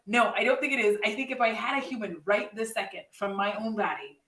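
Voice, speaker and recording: Animated woman host in an echoey room. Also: fairly high pitch, fast talker. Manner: animated, laughs often, blunt and swears. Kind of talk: casual chat. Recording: echoey room, mic at a distance.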